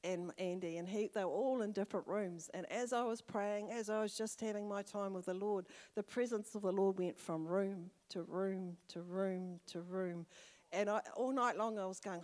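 A woman's voice: medium pitch, moderate pace. Fervent older woman preaching in a hall. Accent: New Zealand. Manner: personal storytelling, lively and fervent with sudden loud exclamations. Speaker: church elder. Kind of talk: sermon testimony. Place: church hall. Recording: long reverb of a church hall.

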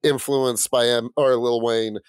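A podcast host in casual chat, relaxed and agreeable, leaning on "like" and "dude". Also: male voice, mid-range voice, unhurried, clear, resonant tone, no echo, studio quality.

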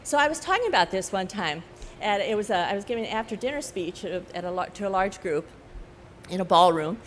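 An older woman author talking to an audience at a book festival, telling animated stories with frequent "you know" and laughing at her own anecdotes. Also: mid-range voice, fast talker, a little hiss or hum. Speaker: author giving a talk. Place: large hall at a book festival. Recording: echoey hall with faint ambience.

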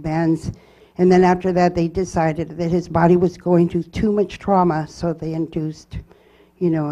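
A woman giving a personal testimony at church, telling her story earnestly with halting restarts. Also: lowish voice, mellow, lo-fi sound.

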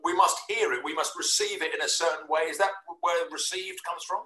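Bright, jokey male host. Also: fairly high pitch, fairly quick, roomy sound. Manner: jokey, chatty, with playful asides. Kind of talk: casual interview chat.

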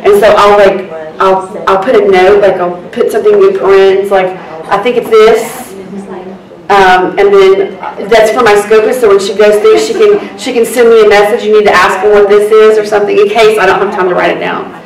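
A woman court reporter chatting with colleagues, telling animated stories and laughing often. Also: medium pitch, normal speed. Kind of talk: casual group chat. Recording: echoey room, far from mic, group chatter.

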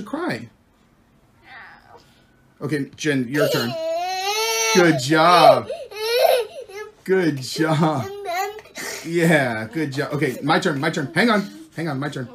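A father playing a turn-taking game with his small children, coaxing and bossy in a playful way. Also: fairly high pitch. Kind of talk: playful home video talk. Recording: noisy home video with children nearby. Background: children crying and shouting.

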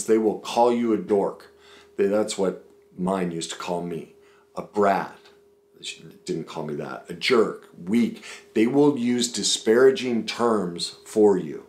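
A man's voice: fairly low pitch, roomy sound. A man giving relationship advice straight to the viewer, emphatic and driving his points home with repeated lists. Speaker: relationship coach. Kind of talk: direct-to-camera advice talk.

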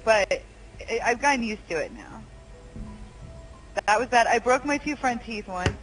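A woman's voice: a little high, expressive, moderate pace, faint music behind, low-quality recording. A woman chatting casually as a guest on a gaming stream, giggly and self-mocking. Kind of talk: casual chat over online gaming.

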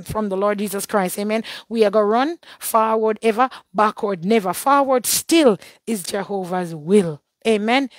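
A woman with a hoarse, worn throat hosts a casual live stream. Her voice sits a little high, and the sound is dry and close. She calls out viewers by name, with a churchy blessing for each. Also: dry recording. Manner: warm churchy blessings and shout-outs. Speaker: livestream host.

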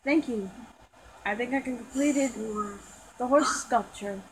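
A woman's voice: a little high, slow, slight background noise, poor audio. A woman voicing a laid-back male sim character who talks in an easygoing drawl.

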